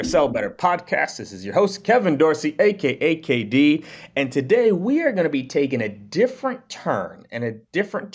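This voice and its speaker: A man hosting a sales podcast interview, talking with an energetic, emphatic delivery. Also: medium pitch. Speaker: podcast host.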